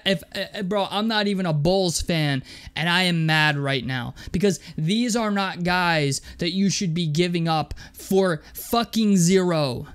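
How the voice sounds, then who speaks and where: A young man delivering an angry, profane basketball rant, stumbling over and repeating his words as he vents. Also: sits high. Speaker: sports commentator.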